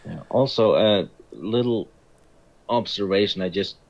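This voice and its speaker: A man's voice: fairly low pitch, unhurried, vocal fry, muffled recording. A man co-hosting a movie review show, adding short remarks and observations in casual talk. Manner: short agreeing remarks, thoughtful asides. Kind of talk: casual film discussion.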